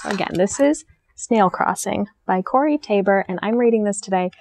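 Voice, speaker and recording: A young woman who works as a children's librarian, reading a picture book aloud in a friendly, gentle, teacher-like way. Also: mid-range voice, normal speed, noisy background. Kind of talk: storytime read-aloud for children.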